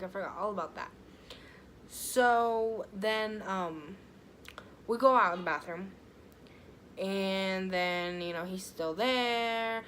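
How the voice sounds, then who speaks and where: A woman's voice: medium pitch, fairly bright tone, a little hiss or hum. A young woman telling a storytime vlog in a chatty, casual way, full of fillers and swearing. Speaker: vlogger.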